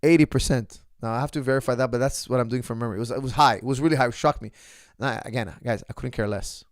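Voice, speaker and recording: Addressing his viewers as "guys," a middle-aged man who coaches martial arts talks in a blunt, casual way and keeps restarting his sentences. He has a mid-range voice with vocal fry, recorded in a studio with no echo.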